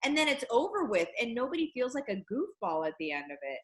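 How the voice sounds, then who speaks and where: A woman hosting a casual chat, talking in an animated, emphatic way with lots of fillers. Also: on the high side, quick pace, reverberant, rough recording. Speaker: host.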